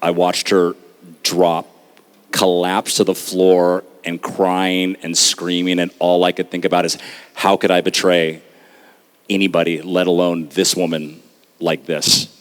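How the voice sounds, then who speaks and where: A man in his thirties giving an earnest, confessional storytelling talk on stage, with dramatic pauses. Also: low-pitched, monotone. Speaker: speaker. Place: stage at a live talk event.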